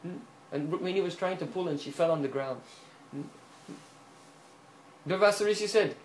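A man preaching and storytelling with animation, pausing to check in with his listeners. His voice is fairly high for a man. It echoes in the room over a faint hiss. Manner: animated storyteller, frequent "hmm?" checks, chuckles. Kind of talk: sermon storytelling.

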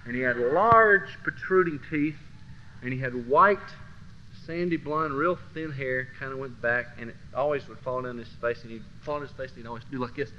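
A man teaching a Christian class through personal storytelling, swinging from low murmurs to loud bursts. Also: normal speed. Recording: dull lo-fi recording with faint hiss.

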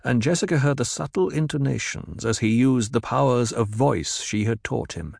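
A man's voice: mid-range voice, lively intonation, normal speed, creaky, darkish tone, dry recording. Man narrating a novel in a dry, close sound. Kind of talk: scripted audiobook narration.

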